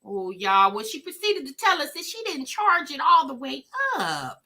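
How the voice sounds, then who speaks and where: Woman livestream host, high and sharp-toned, chatty and sassy. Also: sing-song, normal speed. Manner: chatty, greets viewers by name, sassy asides. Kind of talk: casual livestream commentary.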